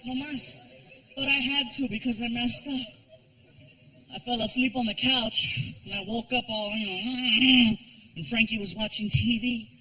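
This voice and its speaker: High, bright-voiced male stand-up comic. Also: a little slow, rough recording. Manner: animated storytelling with voices and shouted punchlines. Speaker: stand-up comedian. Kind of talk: stand-up comedy routine.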